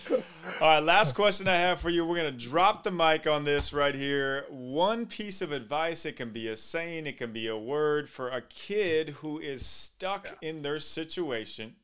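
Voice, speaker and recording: A man's voice: fairly high pitch, animated, a little slow, fairly bright tone, clear, resonant tone. A man hosting a podcast, enthusiastic and full of hype, calling his guest dude and brother. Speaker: podcast host. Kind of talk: casual interview.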